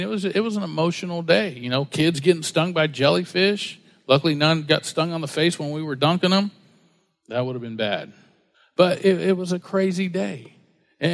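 A middle-aged male pastor preaching a sermon in a casual, conversational way with lively asides. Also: a little high. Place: church sanctuary. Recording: long hall reverb.

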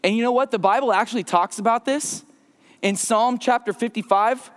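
A man preaching a conversational sermon as a pastor in a church, slowing and dropping his voice for emphasis. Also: very high-pitched, fairly bright tone, clean tone, big-room sound. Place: church sanctuary.

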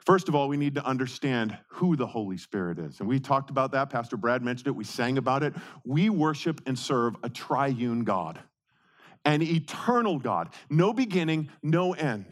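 A man preaching a sermon as pastor, repeating key words for stress and swinging between quick bursts and slow, drawn-out phrases. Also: medium pitch, lively intonation.

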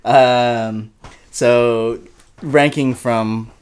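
A man co-hosting a casual podcast, speaking in a hesitant, halting way with many fillers. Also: mid-range voice, fairly even intonation, clear, resonant tone. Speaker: podcast co-host. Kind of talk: casual chat.

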